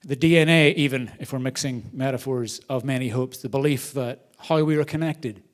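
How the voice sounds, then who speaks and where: A man hosting a charity event, speaking to a live audience from a theater stage in a lively, storytelling way. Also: medium pitch, normal speed. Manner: animated storyteller, varied loudness. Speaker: charity host.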